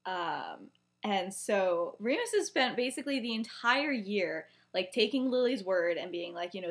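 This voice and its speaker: A woman podcast co-host casually retelling a story, chatty and full of fillers, rising into animated bursts. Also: medium pitch, normal speed.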